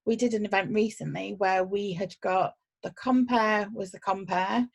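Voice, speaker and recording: A woman hosts a video-call chat about event planning in a businesslike, friendly way. Her mid-pitched voice is gravelly and husky, with a rough, breathy edge. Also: normal speed. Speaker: host from an events agency.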